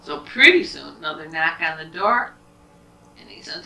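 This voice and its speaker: An older woman telling fairy tales to a child in an animated, lively way, stopping to ask questions. Her voice is bright, and she sounds a little away from the mic in an echoey room. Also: on the low side, moderate pace. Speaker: storyteller. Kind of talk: reading children's stories aloud. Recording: roomy, distant home recording.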